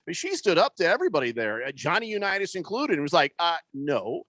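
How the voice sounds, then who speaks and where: A man hosting a sports talk radio show, joking around with co-hosts and reading listener comments aloud in an animated, wisecracking way. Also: a little high, quick pace, no room sound. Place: radio studio. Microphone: studio microphone.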